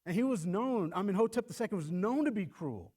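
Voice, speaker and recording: A man's voice: high-pitched, a little fast, husky. A man preaching a sermon as pastor, acting out voices and stumbling over repeated words as he starts a thought. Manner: animated preaching, acts out voices.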